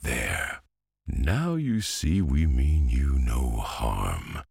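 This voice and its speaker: A man's voice: extremely low pitch, very animated, extremely slow, vocal fry, a little mellow, breathy edge, no room sound, studio quality, full character voice. A man voicing a cheery, bossy talking pumpkin in a storybook reading, speaking in a coaxing, persuasive way. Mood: reassuring.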